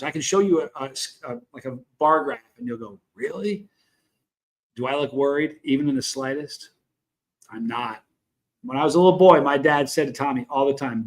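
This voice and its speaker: A middle-aged man with a Southern US accent, hosting a casual livestream, talking frankly and rambling while greeting viewers in the chat. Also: medium pitch. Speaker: livestream host.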